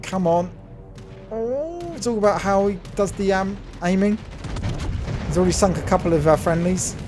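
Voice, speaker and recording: Excitable man calling a game replay. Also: high voice, normal speed, music in the background. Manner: excitable, talks to viewers as folks, cheers his teammate on. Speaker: gaming channel host. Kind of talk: play-by-play commentary of a naval battle game replay.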